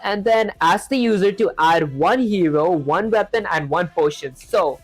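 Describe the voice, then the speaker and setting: A programming streamer with a lowish voice and a non-standard English accent takes an unhurried pace as she learns to code live. She thinks aloud step by step and chats with viewers about their comments. The audio is low quality with no echo and soft background music.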